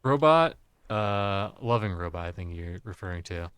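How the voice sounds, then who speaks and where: A man's voice: sits low, animated, normal speed, fairly bright tone, smooth, dry recording. A man streaming a game live, chatting crudely and jokingly with his chat while a bit drunk. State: tipsy.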